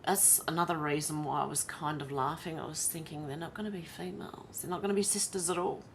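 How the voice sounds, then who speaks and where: Exasperated Australian woman, slightly low voice. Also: fairly even intonation, fast talker, slight background noise. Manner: exasperated, incredulous, breaks into laughter. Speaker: livestream host. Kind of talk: reading news aloud with commentary. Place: at home.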